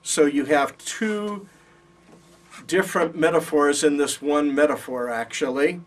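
A man with a slightly high voice keeps a measured pace as he teaches a Bible college class. He patiently explains and checks in with students, and the classroom recording places him far from the mic.

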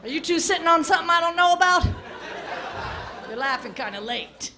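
A brash woman with a very high, swooping voice works a live club crowd with crude stand-up. She needles the people in the front rows. Laughter and chatter fill the noisy room around her. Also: expressive, brisk. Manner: brash, crude, heckles the audience. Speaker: stand-up comic. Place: comedy club stage with a live audience.

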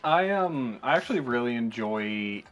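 A man co-hosting a casual chat about tabletop games, relaxed and giggly. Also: medium pitch, moderate pace. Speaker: co-host.

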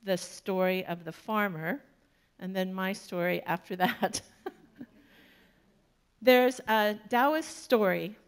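Casting: woman minister, sermon delivery, slow and gravelly, storytelling with humor. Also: medium pitch. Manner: storytelling, warm-humored, laughs often.

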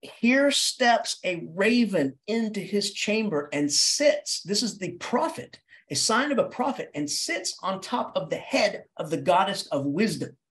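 A man lecturing as an English professor, talking in an animated, dramatic way that leaps up and down in pitch, with frequent restarts and repeated words. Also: measured pace, hardly any pauses. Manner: animated, dramatic delivery with sudden pitch jumps. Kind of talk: literature lecture.

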